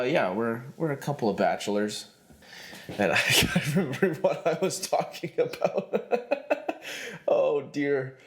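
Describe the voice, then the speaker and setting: Rambling man, swinging pitch, laughing. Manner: rambling, joking, laughs at himself. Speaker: podcast host. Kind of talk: rambling comedic monologue.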